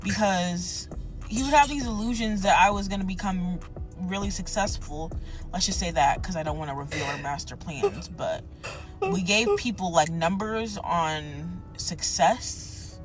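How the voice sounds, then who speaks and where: A woman's voice: lowish voice, a little slow, soft background music. A woman telling a personal story in casual story-time style, blunt and rambling. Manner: blunt, rambling, acts out quoted voices. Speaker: storyteller in a played clip.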